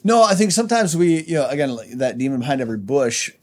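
A man co-hosting a Christian podcast, explaining his views in an animated way. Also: on the high side, fast talker. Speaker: podcast co-host. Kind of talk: faith podcast conversation.

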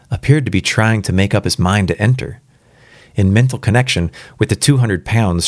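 A man reading a classic tale aloud on his first read-through, pausing now and then for casual comments on the text. His voice sits low and deep. The sound is dry and close. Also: no echo. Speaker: story reader. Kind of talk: live first-time reading with asides.

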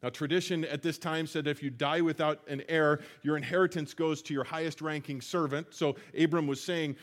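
A man delivering a sermon in a slightly raised voice. He retells scripture as a lively story, earnest and conversational, often restarting his phrases. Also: fairly high pitch, brisk. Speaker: pastor.

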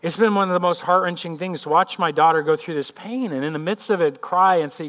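High-voiced preacher, earnest and animated. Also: male voice, fairly quick, few pauses. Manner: animated storytelling, vividly retelling a scene; earnest and personal when turning to his own life. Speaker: pastor. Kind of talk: sermon.

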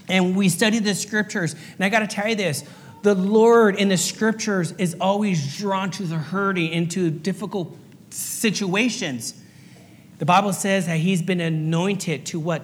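Brief: male preacher and chaplain, high-pitched, earnest repeating delivery, recorded in an echoing church hall. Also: a bit bright, a little hiss or hum. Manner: earnest, repetitive, acts out little voices for illustration. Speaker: pastor and fire chaplain. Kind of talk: sermon. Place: church sanctuary. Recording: long hall reverb.

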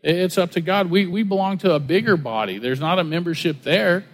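High-voiced pastor preaching in a reverberant hall. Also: male voice, brisk. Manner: conversational, storytelling with acted-out quotes. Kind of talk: sermon.

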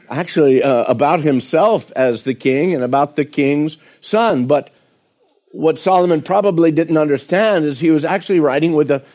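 A male pastor preaching a sermon, earnest and full of questions to his listeners, slowing and softening when he recites hymn lines. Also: fairly high pitch.

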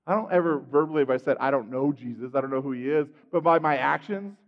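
A man preaching a sermon, telling the story with animated swings between loud and hushed delivery. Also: mid-range voice, quick pace. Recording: dull sound with long hall reverb.

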